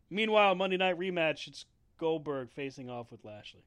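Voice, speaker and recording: A man's voice: fairly high pitch, animated, a little fast, fairly bright tone. A man co-hosting a casual podcast chat, joking and laughing often. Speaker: podcast co-host.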